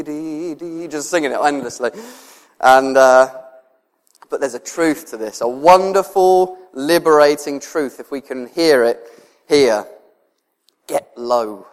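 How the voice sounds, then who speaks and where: A man preaching a sermon to his congregation, talking conversationally, often chuckling and moved close to tears. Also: medium pitch. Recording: long hall reverb.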